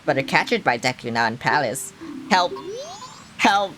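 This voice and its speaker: A woman's voice: rumbling low, animated, normal speed, a bit bright, a little hiss or hum, pitched below the performer's own voice. A woman voicing a desperate monkey from a video game who speaks in clipped, broken phrases and pleads for help. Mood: pleading. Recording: game music playing underneath.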